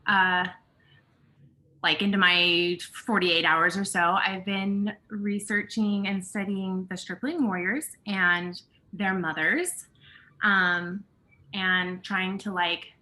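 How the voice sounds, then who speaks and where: A woman participant on a video call, sharing a personal moment in an earnest, halting way. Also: fairly low pitch, pushed and bright. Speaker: participant in a live session.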